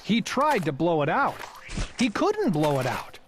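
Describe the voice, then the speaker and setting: A woman reading a children's picture book aloud in a lively, expressive storytelling manner. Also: on the low side, measured pace, a little hiss or hum. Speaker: storybook reader.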